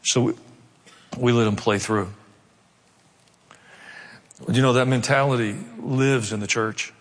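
A pastor preaching a sermon, emphatic and conversational, repeating key phrases. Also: male voice, medium pitch, fairly even intonation, takes it slowly. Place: large church hall. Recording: long hall reverb.

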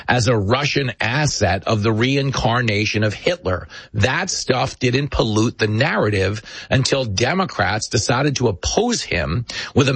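A man delivers a sarcastic, emphatic political monologue as a talk show host, telling stories with animated energy. His voice is husky and mid-pitched. The sound is dry and close. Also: no room sound.

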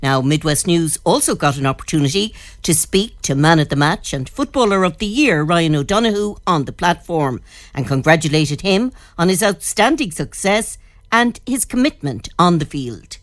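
A woman, a radio news reporter, narrating a news report in a measured, informative way. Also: on the low side, expressive, dry recording, clean studio sound.

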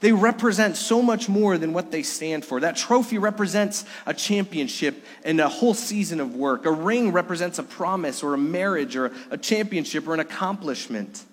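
A middle-aged male pastor preaching a sermon, swinging between emphatic raised passages and soft, hushed lows. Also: moderate pace, few pauses. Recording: long hall reverb.

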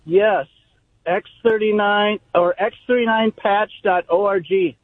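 Guy calling into radio, joking around, tinny phone line, kinda husky and high. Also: steady tone, measured pace, no room sound. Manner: joking, upbeat. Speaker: caller. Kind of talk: call-in chat.

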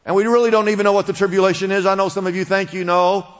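A man's voice: high-pitched, flat delivery, rapid-fire, long reverb tail. A man preaching a sermon, explaining a word in a conversational teaching manner and prompting the congregation to repeat after him. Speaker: pastor.

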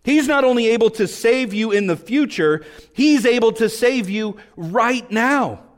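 A man preaching a sermon fervently, rising to emphatic peaks and dropping to hushed low passages. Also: lively intonation, a little slow. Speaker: pastor. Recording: long hall reverb.

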